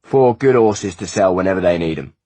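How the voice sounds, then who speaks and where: A man voicing a gruff, grudging male servant who speaks stolidly and heavily, with emphasis. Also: low-pitched, animated, fairly quick, dark tone, no echo, voice pushed up.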